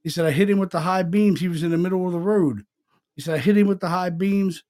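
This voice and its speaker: A middle-aged man with a slightly high voice tells a story to his co-host on a podcast. He rambles through a ghost story in casual, profane chat and quotes everyone's lines as he goes. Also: quick pace, a little mellow.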